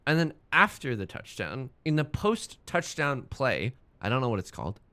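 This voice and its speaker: Lively, bright-voiced young male streamer. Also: medium pitch, normal speed. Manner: rambling, self-mocking, swears when frustrated. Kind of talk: casual gaming stream chat.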